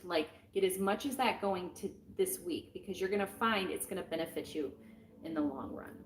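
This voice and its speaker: A woman's voice: fairly low pitch, slight background noise. A middle-aged woman giving a casual weekly tarot reading in a frank, encouraging and rambling way, with plenty of fillers. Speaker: tarot reader. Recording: roomy with faint music behind.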